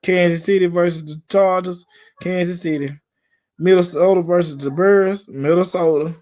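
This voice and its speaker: A man's voice: high voice, steady tone, moderate pace, a little mellow. A man from Memphis with a Southern accent, hosting a casual live stream about football in a laid-back, slangy way. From Memphis, Tennessee.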